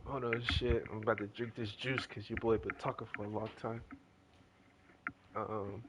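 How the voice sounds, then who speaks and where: A man's voice: lowish voice, little pitch movement, normal speed, background noise. A young man chatting casually as a gaming streamer, telling a rambling story in slangy talk.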